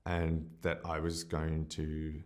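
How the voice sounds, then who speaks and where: A man's voice: very deep voice, completely flat delivery, slow pace, a little mellow. An Australian man, a film director, talking in a festival interview, effusive and rambling with many fillers and restarts, openly emotional and self-deprecating.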